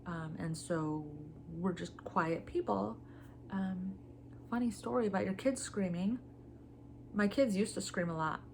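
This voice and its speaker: A woman in her forties with a stuffy, blocked-nose sound, chatting casually as a vlogger with dry, deadpan humor. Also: medium pitch, unhurried, slight background noise. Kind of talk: casual chat.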